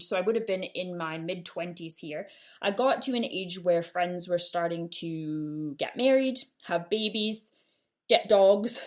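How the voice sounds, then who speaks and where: Speaking at a medium pitch, a thirtysomething podcast host shares her personal story alone on the mic, chatty and quick to poke fun at herself. Her accent is Canadian, tinged slightly with a Glasgow twang.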